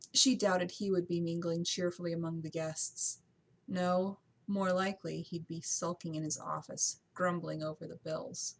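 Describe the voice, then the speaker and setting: A woman narrating a novel as an amateur audiobook reading, steady with occasional slips and restarts. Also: fairly low pitch, slight background noise, poor audio.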